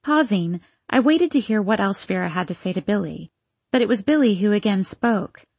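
A woman narrating a first-person novel as an audiobook, with measured, expressive storytelling. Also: medium pitch, dry recording.

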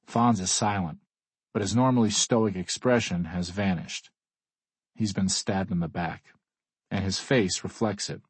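A man's voice: low-pitched, a little slow, breathy edge, no room sound. A man reading a first-person audiobook in a wry, dry way. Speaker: audiobook narrator. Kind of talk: scripted first-person narration.

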